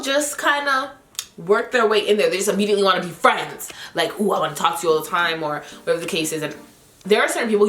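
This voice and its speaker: A woman vlogger telling stories to her viewers in a chatty, animated way, full of filler words. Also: on the low side, roomy sound. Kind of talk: casual storytelling to camera.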